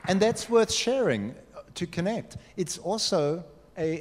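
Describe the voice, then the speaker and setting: A man preaching to a youth group, talking straight to them with quick acted asides. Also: a little high. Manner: animated, talks to the audience directly with quick acted asides. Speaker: youth pastor. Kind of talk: youth sermon. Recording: long hall reverb.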